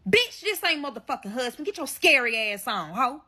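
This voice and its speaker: Husky, bright-voiced woman telling a dramatic story. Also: high voice, very animated, a little fast. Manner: profane, dramatic storytelling to viewers. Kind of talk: storytime vlog.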